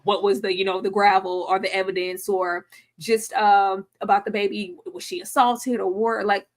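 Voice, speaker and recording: A woman's voice: mid-range voice, flat delivery, moderate pace. A woman on a video call giving blunt, wisecracking commentary on a TV episode in casual slang. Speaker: panelist on a live TV breakdown stream.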